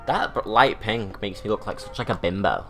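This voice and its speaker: A man's voice: lowish voice, moderate pace, sharp tone, soft background music. A young British man and drag artist, chatting casually through a makeup tutorial with camp, self-mocking asides. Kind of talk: chatty get-ready-with-me tutorial.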